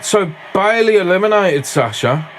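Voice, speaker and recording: A man giving live reaction commentary as he watches a wrestling show, chatty and bursting into excitement. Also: sits high, moderate pace. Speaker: wrestling fan reviewer.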